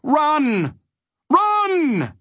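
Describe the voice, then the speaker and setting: A man voicing a deceitful little male creature who shouts bad advice and boasts loudly. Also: fairly high pitch, sing-song, takes it slowly, slightly rough, no echo, voice pushed up, exaggerated voice. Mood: shouting. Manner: shouting bad advice, gleeful then cold.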